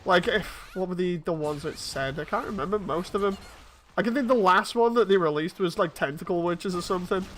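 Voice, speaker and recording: A man's voice: high voice, brisk, fairly bright tone, slight background noise. A man in his thirties, chatting casually and telling rambling stories while streaming a game. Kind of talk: casual chat while playing.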